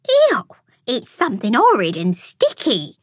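A woman voicing a showy, enthusiastic female toad with a high-pitched voice, in a storybook audiobook. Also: sing-song, measured pace, fairly bright tone, dry recording, studio quality, exaggerated voice. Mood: disgusted. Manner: gushing, enthusiastic.

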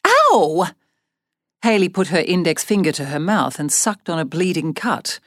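A woman's voice: lowish voice, moderate pace, dry recording, clean studio sound. A woman reading an audiobook novel aloud in a scripted narration style, lightly voicing the characters. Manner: expressive, voices characters lightly.

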